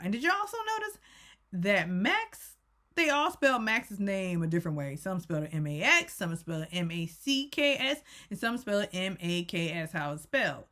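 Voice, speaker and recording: A woman's voice: mid-range voice, a bit bright. A woman vlogger giving a chatty, rant-style recap of a TV show, talking straight to her viewers with teasing asides.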